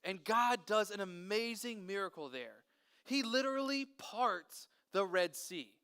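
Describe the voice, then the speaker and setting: A man leading a children's Bible story, energetic, playful and chatty with the kids. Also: sits high, unhurried, clear, resonant tone. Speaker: children's pastor.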